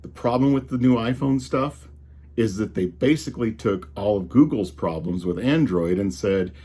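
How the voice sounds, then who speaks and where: Exasperated low-voiced man with a Colorado drawl. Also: moderate pace, dark tone, breathy edge. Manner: exasperated, rambling with restarts. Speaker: tech commentator. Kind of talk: casual ranting monologue.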